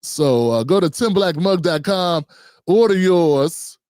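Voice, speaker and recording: Older male streamer host, chatty and self-mocking, slightly raised pitch, dry. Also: expressive, takes it slowly, a little mellow, no room sound. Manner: joking, rambling, talks to himself. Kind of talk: casual livestream talk.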